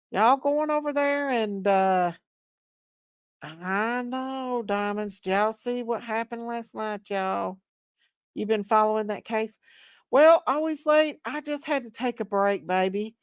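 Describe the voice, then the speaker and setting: A woman's voice: fairly high pitch, fairly bright tone, smooth, no room sound. A woman hosting a casual live stream, greeting viewers by name and gushing thanks to supporters.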